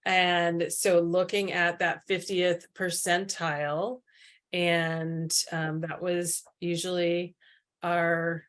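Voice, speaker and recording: A woman's voice: on the low side, flat delivery, takes it slowly, fairly bright tone. A woman co-presenting a teacher training, speaking casually with many fillers.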